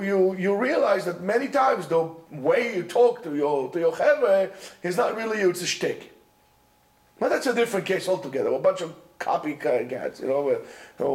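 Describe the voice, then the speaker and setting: A man with a high voice gives an animated, informal lecture to yeshiva students, full of "you know" and "right?" and Hebrew and Yiddish words. His talk rings through an echoey lecture room. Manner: sprinkles Hebrew and Yiddish terms. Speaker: yeshiva teacher.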